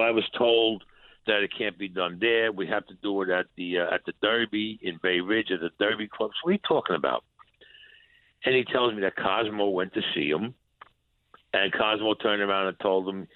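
A man with a lowish, brisk voice recounts a story as an interview guest; he's a former mob enforcer who acts out both parties in past exchanges using crude, direct street language. The audio is a tinny phone line with no echo.

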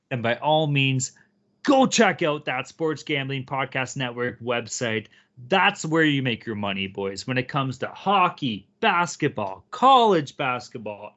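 A man's voice: mid-range voice, fairly bright tone, muffled recording. A man co-hosting a sports betting podcast, casual, profane and hyped as he talks. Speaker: podcast co-host.

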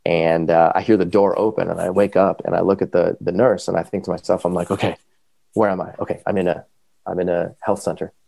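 Male podcast guest, deep rough voice, rapid casual storytelling, dry close sound. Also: dry recording. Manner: animated, quick, full of fillers.

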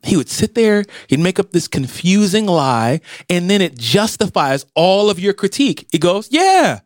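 An animated man co-hosting a podcast. His voice sits a bit high and swings widely in pitch as he talks. The sound is dry and close. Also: moderate pace, no room sound. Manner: animated, acts out quotes in put-on voices. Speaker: podcast co-host. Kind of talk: casual podcast chat.

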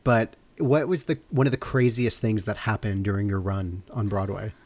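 A man's voice: fairly low pitch, steady tone, normal speed, darkish tone. A man hosting a podcast interview, asking questions with enthusiastic, brief reactions. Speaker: podcast host. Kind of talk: casual interview.

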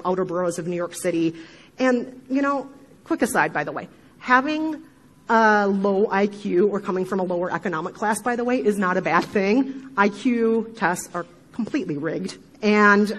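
Midwestern lady doing a talk on stage, animated, laughs a lot, mid-range voice. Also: medium pitch, slight background noise, rough recording. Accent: Midwestern American. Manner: animated, laughs often, emphatic asides. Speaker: podcast speaker giving a talk. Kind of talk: conference talk to a live audience.

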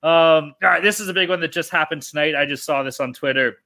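Male podcast co-host, excitable and profane, bright and forceful tone. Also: a little high, fast talker, few pauses. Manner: excitable, swears a lot, says dude. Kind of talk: casual sports betting podcast chat.

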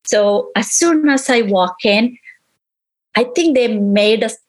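A woman's voice: on the high side, takes it slowly, poor audio. A middle-aged woman, a grieving mother in an interview, recounting events and acting out the dialogue she remembers. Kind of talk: emotional personal recollection.

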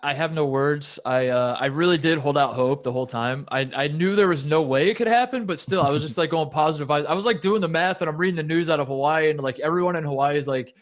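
Man, podcast co-host, casual chat, quick delivery, slightly higher voice, laughs a lot. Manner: upbeat, laughs often, talks in quick runs.

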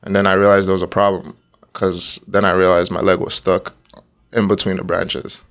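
A man's voice: low voice, little pitch movement, moderate pace, gravelly, fairly bright tone. A young man from Nigeria, the guest, telling a story in casual chat and laughing often along the way.

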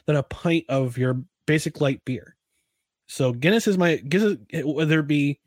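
A man's voice: medium pitch, no echo, clean studio sound. A young man hosting a podcast, chatting casually and rambling through listener questions with frequent restarts. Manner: rambling, with many restarts and laughs. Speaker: podcast host.

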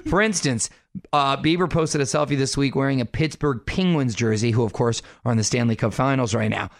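A middle-aged man from Southern California hosting an entertainment radio show, talking loudly with lots of energy in a studio. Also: medium pitch, a little fast, no echo. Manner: loud, energetic, self-described shouter. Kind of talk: upbeat entertainment radio chat. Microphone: studio microphone.

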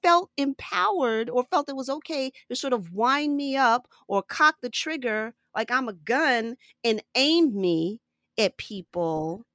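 A woman stand-up comedian, a guest on a podcast, telling stories in an animated way and laughing often. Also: fairly high pitch, a little slow, dry recording, clean studio sound. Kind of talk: conversational podcast interview.

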